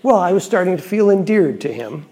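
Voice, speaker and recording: A middle-aged Catholic priest tells a personal story during a homily, earnest and reflective, with quiet asides. His voice is high-pitched and sing-song, his pace brisk, and there is slight background noise.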